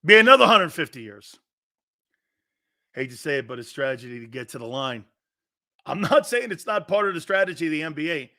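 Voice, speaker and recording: Brash, laughing sports talk host. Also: male voice, fairly high pitch, fast, a bit bright. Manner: brash, laughing, trash-talking storyteller.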